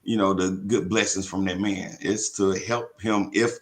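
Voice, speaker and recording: Low-voiced man co-hosting faith podcast. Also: fairly even intonation, normal speed. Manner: easygoing, reads viewer comments aloud, scripture quotes. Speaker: podcast co-host. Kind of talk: casual faith talk show chat.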